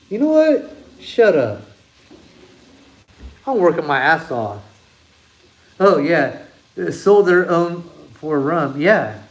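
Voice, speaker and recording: A man hosting his own channel, delivering a blunt, profane opinion rant with plenty of emphasis. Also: a little high. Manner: blunt, emphatic, heavy swearing. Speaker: channel host.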